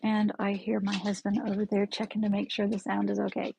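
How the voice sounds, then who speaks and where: A woman hosting a casual live-stream quilting lesson from her sewing room, chatty and friendly, often pausing to correct herself. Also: mid-range voice, monotone, vocal fry, dark tone, slight background noise, low-quality recording. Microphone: camera in the room, with her stepping back from it.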